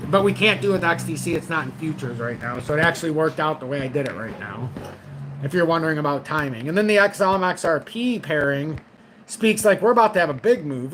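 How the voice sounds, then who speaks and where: A man's voice: a little high, animated, quick pace, background noise. A middle-aged man hosting a crypto trading channel, giving blunt, profane, frank market commentary straight to his viewers.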